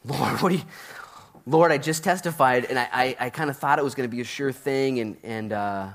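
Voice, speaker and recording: The apostle Paul, beaten and bewildered, as a man puts him on in a sermon. He stumbles and restarts, his voice dropping low and unsure. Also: a bit bright, natural voice. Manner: halting, faltering, unsure.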